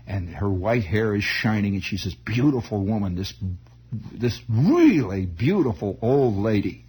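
A man telling a long personal story in a rambling, halting way, full of restarts and wry asides. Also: lowish voice, lively intonation, a little mellow, husky. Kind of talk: comic spoken storytelling.

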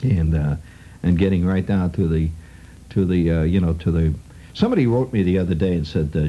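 A man's voice: deep voice, fairly quick, highs cut off. A man hosting a radio show, delivering a wry, digressive monologue full of sardonic asides. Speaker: radio host.

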